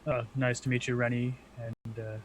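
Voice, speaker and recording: A man's voice: medium pitch, flat delivery, moderate pace, a little hiss or hum, low-quality recording. Hesitant man at a game table. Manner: hesitant, lots of uhs and restarts. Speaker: player. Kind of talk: casual tabletop role-play.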